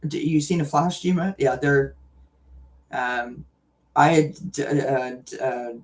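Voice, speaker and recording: A woman hosting a live stream, telling a story in a chatty, animated way and laughing often. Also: sits low. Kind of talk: casual chat, storytelling. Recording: voice distant from the mic.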